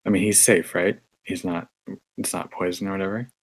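Deep flat-voiced man asking questions. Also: fairly quick. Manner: curious, questioning. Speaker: player. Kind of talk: casual tabletop game chat.

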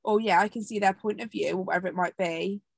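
A woman's voice: medium pitch, steady tone, fast talker, gravelly, no echo. A woman in her twenties hosting a podcast, chatting in a reflective, sweary way. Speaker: podcast host. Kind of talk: casual chat.

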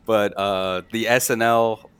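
Deep-voiced man with a philly accent. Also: steady tone, slow, a bit bright, clean tone, dry recording. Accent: Philadelphia area. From Delaware County, Pennsylvania. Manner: rambling, laughs often, many fillers. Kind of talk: casual chat.

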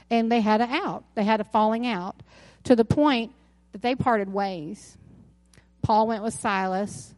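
Woman pastor, 30s, casual sermon delivery in a church, mid-pitched voice, dry recording. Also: fairly even intonation, moderate pace, a little mellow, dry recording. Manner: conversational, self-correcting with asides. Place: church sanctuary.

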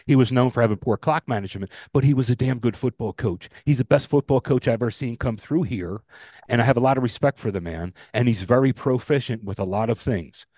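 A man's voice: mid-range voice, a little fast, mellow, no echo, clean studio sound. An older man, co-hosting a podcast in casual, rambling, emphatic chat. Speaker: podcast co-host.

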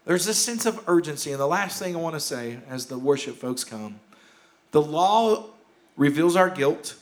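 A man preaching a sermon as pastor in a church, urgent and impassioned, repeating key phrases and dropping to hushed tones. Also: on the high side, animated, normal speed. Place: church sanctuary.

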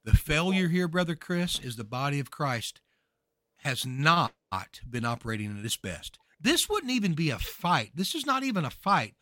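A man speaking as a guest minister, preaching with fervor and building to emphatic shouts. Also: a little high, big pitch swings, normal speed, dry recording, studio quality. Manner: emphatic, rises to shouting peaks. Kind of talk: fervent preaching talk.

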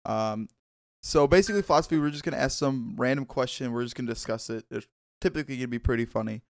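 A man's voice: mid-range voice, fast talker, dry recording, clean studio sound. A young man co-hosting a comedy podcast, laid-back as he introduces a segment. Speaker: podcast co-host. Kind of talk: casual comedy banter.

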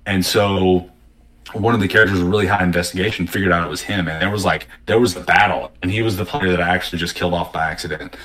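Deep-voiced man telling game stories. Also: quick pace. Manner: animated storyteller, acting out quotes. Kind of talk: casual conversation about tabletop games.

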